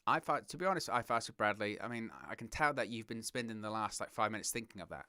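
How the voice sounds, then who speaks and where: A young man from southern England with a southern English accent, hosting a wrestling watch-along with excitable play-by-play commentary. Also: on the low side, fast talker, dry recording. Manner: excitable play-by-play, giggles at puns, reads chat.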